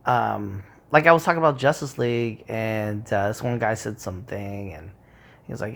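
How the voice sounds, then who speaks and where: Gravelly man rambling in casual talk. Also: fairly low pitch, a little fast, fairly bright tone. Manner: rambling, loose, swears freely, acts out quotes.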